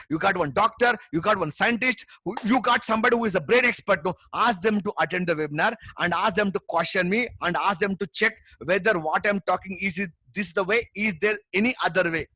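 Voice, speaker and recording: Bright high-voiced Indian English man. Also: a little fast, few pauses, dry recording. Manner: passionate, pushy, many tag questions. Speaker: memory trainer. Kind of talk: webinar sales pitch.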